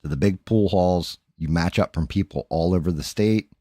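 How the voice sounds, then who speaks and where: This middle-aged man's warm, low-sitting voice holds a moderate pace as he hosts a livestream at home. He chats casually and candidly, rambling and swearing without restraint, captured in clean studio quality with no room sound.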